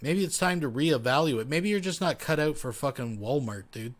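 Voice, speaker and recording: A man's voice: fairly high pitch, lively intonation, moderate pace. A man hosting a commentary show, reacting to a clip bluntly and profanely and talking to his viewers as folks.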